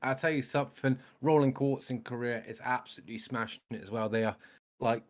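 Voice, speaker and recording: Casting: effusive British male co-host, mid-pitched, keen and friendly. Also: steady tone, a little fast. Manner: enthusiastic, effusive, leans on "mate". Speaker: reaction video co-host. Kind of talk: casual reaction chat.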